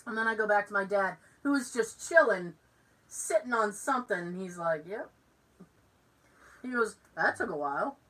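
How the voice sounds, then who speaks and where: A bright, animated woman with a Massachusetts accent tells a story on a podcast in a casual, chatty way. Her pitch sits a little high and swings widely as she acts out other people's lines, and she sounds a bit far from the mic. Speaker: podcast co-host.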